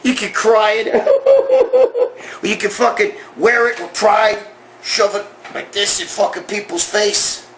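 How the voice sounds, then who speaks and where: A middle-aged man, giving a blunt, profane gym pep talk that grows loud and excited as a bodybuilding vlog host. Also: high voice, normal speed, a little hiss or hum. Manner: blunt, swearing, repeats himself, growing loud and excited. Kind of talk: profane motivational gym rant.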